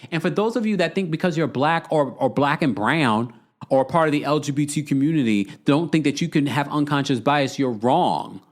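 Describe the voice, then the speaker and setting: Animated man ranting casually. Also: on the high side. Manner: animated, reading chat comments aloud; blunt, exasperated rants. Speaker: podcast host. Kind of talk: casual livestream commentary.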